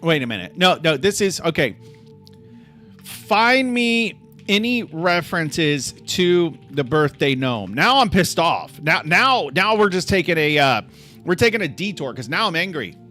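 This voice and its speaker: A man's voice: fairly high pitch, big pitch swings, a little slow, pushed and bright, soft background music. A man hosting a casual live stream, sarcastic and full of mock outrage. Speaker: livestream host.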